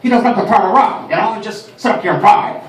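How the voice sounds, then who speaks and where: Stand-up doing a streetwise movie tough guy, gruff and clipped, recorded from afar. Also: high voice, quick pace, voice pushed up, close to an everyday voice. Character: intense middle-aged male film tough guy, evasive. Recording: roomy, distant mic, faint ambience.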